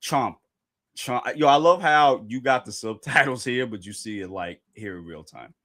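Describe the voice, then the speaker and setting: A man hosting a live reaction stream, excitable and slangy, often repeating his phrases. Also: normal speed. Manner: reads dialogue aloud in a dramatic low voice.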